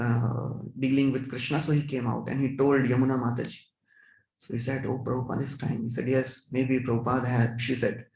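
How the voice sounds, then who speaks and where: A man's voice: mid-range voice, gravelly, a little mellow, echoey room, low-quality recording. A man giving a devotional scripture class, chanting verses and then explaining them.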